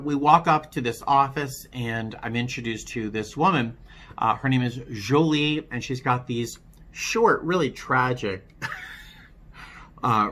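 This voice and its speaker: A man telling his own story in a personal testimony vlog, candid and wry, often halting and restarting his sentences. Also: medium pitch, sharp tone.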